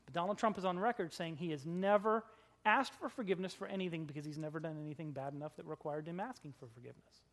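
A pastor preaching a sermon to a congregation in a church. They talk dramatically, with humorous asides, and swing from loud emphasis to hushed, low lines. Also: fast talker. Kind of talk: expository sermon.

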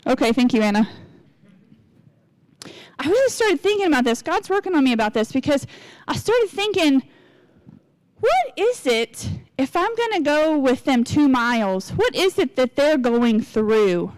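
A woman's voice: high-pitched, sing-song, a little slow, darkish tone, dry recording. A woman in her forties giving a casual, candid sermon in church, chatty and confessional, acting out what people say. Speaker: lay preacher.

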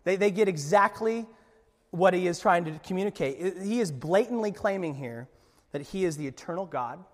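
A man preaching a sermon as pastor, retelling scripture in a casual, animated way with lively asides. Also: sits high, moderate pace, in a large hall.

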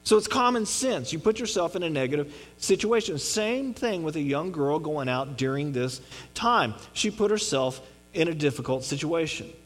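A man's voice: on the high side, lively intonation, moderate pace. A man giving a conversational sermon on a Bible passage in an earnest way, often checking in with his listeners. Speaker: pastor.

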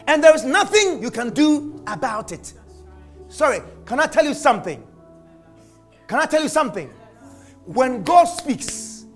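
A male preacher giving a sermon, emphatic, repeating phrases and swinging between shouts and hushed lines. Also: very high voice, sing-song, normal speed, faint music behind.

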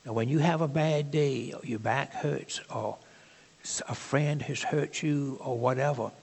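Male preacher, husky voice, chatty sermon delivery with halting asides, big reverberant hall. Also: mid-range voice.

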